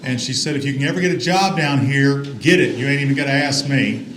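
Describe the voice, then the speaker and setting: A middle-aged Alabama man, an athletics director, gives a folksy, upbeat ceremony speech in a large, reverberant banquet hall with faint ambience. His mid-range voice is fairly bright, he talks a little fast, and there's slight background noise.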